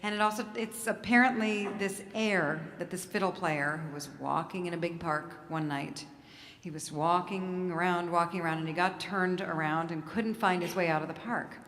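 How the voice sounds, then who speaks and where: A woman's voice: fairly low pitch, normal speed, fairly bright tone, big-room sound, slight background noise. A woman folk musician chatting casually from the stage between songs at a live concert. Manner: chatty and casual, with loose filler words. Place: concert venue at a music festival.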